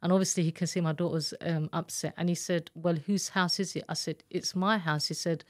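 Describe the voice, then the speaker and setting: A woman's voice: fairly low pitch, steady tone, a little fast. A woman telling her own story in an interview, candid and earnest, acting out the voices of people she quotes. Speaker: guest, abuse survivor telling her story. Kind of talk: emotional personal storytelling.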